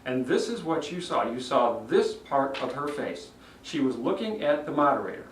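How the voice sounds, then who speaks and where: A man's voice: mid-range voice, moderate pace, slight background noise. A man working as a public speaking coach, critiquing speeches on video and acting out the delivery habits he describes. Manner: animated, demonstrates delivery himself. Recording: roomy echo, mic at a distance.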